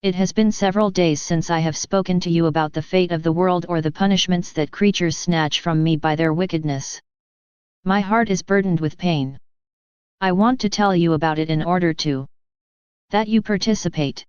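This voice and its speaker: Woman reading as a gentle sorrowful divine man. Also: fairly low pitch, normal speed, smooth, no echo, close to an everyday voice. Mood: solemn tender. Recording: dull lo-fi dry reading.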